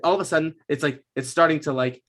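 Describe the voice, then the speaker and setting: A game master narrating a tabletop game on a podcast, rambling with restarts and quick to giggle. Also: mid-range voice. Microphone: podcast microphone.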